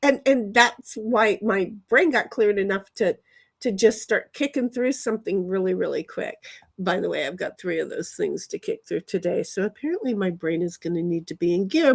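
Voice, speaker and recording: A woman vlogging outdoors on a phone, chatting in a meandering way with many restarts and sudden excited leaps in her voice. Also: medium pitch. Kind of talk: rambling casual monologue. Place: outdoors in a yard.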